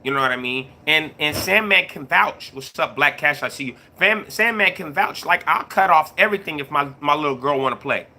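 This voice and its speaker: A man's voice: fairly high pitch, lively intonation, brisk, few pauses, bright, forceful tone, slight background noise. A middle-aged man chatting casually on a livestream, greeting viewers and repeating himself as he talks. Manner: laid-back, repeats himself, greets chat mid-story. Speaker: YouTube live streamer.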